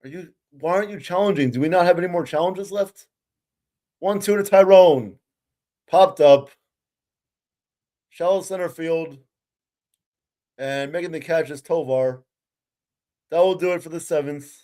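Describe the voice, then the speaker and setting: A man's voice: a little high, normal speed, a little mellow. A young man doing amateur live play-by-play of a baseball game as a frustrated, ranting fan who curses now and then.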